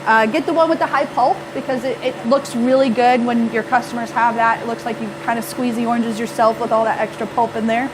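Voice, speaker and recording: A woman's voice: fairly high pitch, fairly even intonation, fairly quick, hardly any pauses, noisy background. A woman demonstrating at a seminar, confident and matter-of-fact. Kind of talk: demonstration talk.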